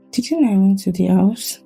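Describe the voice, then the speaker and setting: A woman's voice: mid-range voice, gravelly, mellow, breathy edge, full character voice. An actress playing a concerned young woman who speaks politely to an elder. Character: concerned young woman visiting a friend's family.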